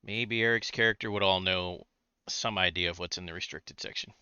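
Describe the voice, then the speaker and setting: A man acting as storyteller, calmly answering players' questions about the game world. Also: sits low, fairly quick, smooth, no echo, lo-fi sound.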